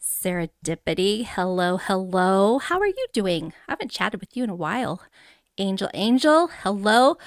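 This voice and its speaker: A woman hosting a casual live stream, bubbly and excitable, giggling as she greets her viewers by name. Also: mid-range voice, moderate pace, no room sound, studio quality. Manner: greets chatters warmly by name. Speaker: livestream host.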